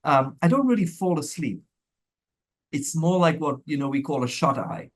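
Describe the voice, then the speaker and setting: Middle-aged guest from India, reflective and measured, restarts often mid-thought. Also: male voice, fairly high pitch, animated. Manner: thoughtful, measured, with frequent restarts and light laughs. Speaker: guest, mental health professional. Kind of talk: conversational interview answers.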